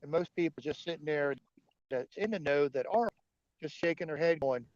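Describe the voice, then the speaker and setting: A man on a livestream rants and argues with his viewers, swearing hard at every turn. His voice sits a little high. The sound is dry and muffled, like cheap stream audio. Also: normal speed, a little mellow, no echo. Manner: profane, angry, argumentative. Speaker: livestream host. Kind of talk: heated livestream rant.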